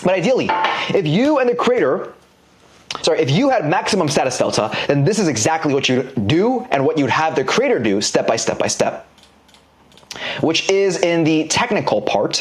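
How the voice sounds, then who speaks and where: Animated slangy man teaching a course. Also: on the high side, moderate pace, a little hiss or hum. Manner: animated, slangy, drawing examples on a board. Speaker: online business course instructor. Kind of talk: casual recorded course lecture.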